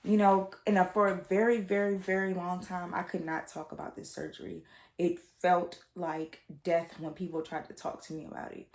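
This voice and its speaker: A woman's voice: fairly low pitch, flat delivery, normal speed, darkish tone, echoey room. A woman in her twenties telling a personal story to her viewers, candid and emotional, with lots of fillers and repeated words, tearing up at times. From United States. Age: 20s. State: tearful at times. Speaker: vlogger.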